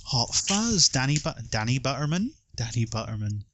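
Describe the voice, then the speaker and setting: A man's voice: mid-range voice, sing-song, normal speed, hardly any pauses, fairly bright tone, no room sound. A man casually hosting a podcast quiz, playful and joking, rambling a little between questions. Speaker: quiz host.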